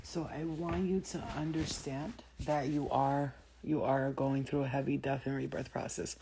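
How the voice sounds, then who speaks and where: A woman's voice: extremely low pitch, normal speed, vocal fry, slight background noise. A woman hosting a spiritual livestream, talking bluntly and with lots of swearing, greeting viewers as she goes. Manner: blunt, profane and animated, greeting viewers mid-talk. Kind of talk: casual livestream talk to viewers.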